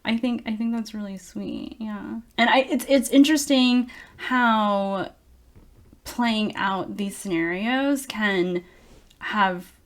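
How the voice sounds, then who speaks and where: Soft-spoken, reflective woman host. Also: medium pitch, slow. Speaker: podcast host. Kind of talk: casual podcast chat.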